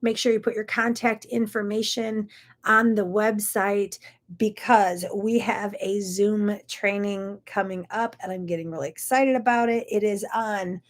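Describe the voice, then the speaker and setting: A middle-aged woman, hosting a chatty, folksy morning talk show. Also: mid-range voice. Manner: chatty, folksy, says y'all. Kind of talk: casual chat.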